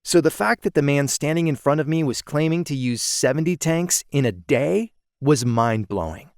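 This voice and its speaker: A man narrating his own first-person audiobook in a steady storytelling manner, recorded on a close studio mic. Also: fairly high pitch, normal speed, dry recording.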